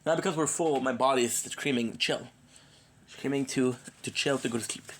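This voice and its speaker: A fatigued man hosting a live game stream chats with viewers he knows by name, meandering and joking with the occasional foreign phrase as a cold creeps in. His mid-range voice is fairly bright, his pace moderate, and a faint hiss or hum is present.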